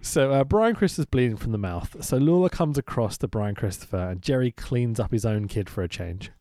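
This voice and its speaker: A man's voice: mid-range voice, lively intonation, fairly quick, dark tone, no echo, clean studio sound. A man co-hosting a casual podcast, joking, laughing a lot and reading from his notes. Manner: jokey, laughs often, reads notes aloud. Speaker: podcast co-host. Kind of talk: casual chat recapping a wrestling show.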